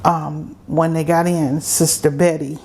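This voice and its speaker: A middle-aged woman, an interview guest, telling a personal story in a halting, unhurried way with many pauses. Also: low-pitched, level tone, warm tone. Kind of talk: personal testimony in conversation.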